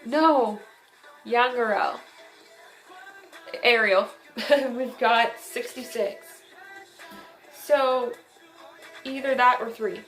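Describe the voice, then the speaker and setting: A woman's voice: on the high side, fairly even intonation, extremely slow, long pauses, fairly bright tone. A bubbly, chatty young woman giving a casual tarot reading, often giggling. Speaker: tarot reader. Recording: echoey room with background music.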